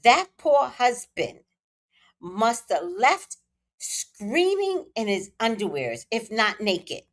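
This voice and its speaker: A woman's voice: on the high side, a bit bright. A woman tarot reader giving casual gossip commentary, speculating and talking straight to her viewers.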